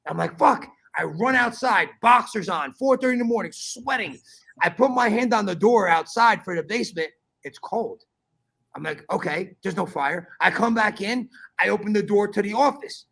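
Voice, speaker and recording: A man hosting a podcast, telling a story in animated casual chat, swearing often and calling his listener bro. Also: high voice, normal speed, gravelly. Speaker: podcast host.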